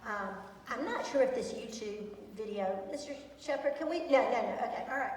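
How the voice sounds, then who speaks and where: A woman's voice: fairly high pitch, animated, brisk. A woman teacher presenting to students, chatty and enthusiastic, with many ums. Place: large echoey school hall. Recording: echoey hall from far off.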